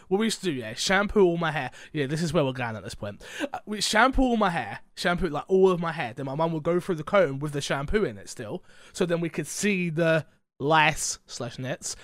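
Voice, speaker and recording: A fairly high-voiced man with a London accent chats loosely as a podcast host, wandering into jokey tangents. He sounds stuffy with a blocked nose and sore throat. The recording is close and dry. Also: lively intonation, fairly quick, a bit bright, dry recording. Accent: London English. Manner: rambling, joking, tangent-prone. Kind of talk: casual podcast chat.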